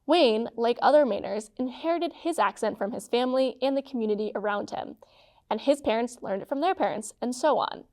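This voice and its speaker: A woman hosting and narrating a scripted explainer, with a clear, measured delivery. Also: a little high, a little mellow. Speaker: host.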